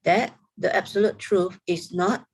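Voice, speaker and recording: A woman reading scripture aloud in a steady, careful way during an online study group, heard over a video call. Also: lowish voice, unhurried, creaky, husky, poor audio.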